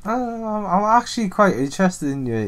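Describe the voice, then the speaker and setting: A young man joins a casual podcast chat with a higher voice. He banters in a lively, sing-song way, teasing his co-host and laughing along. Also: a little fast.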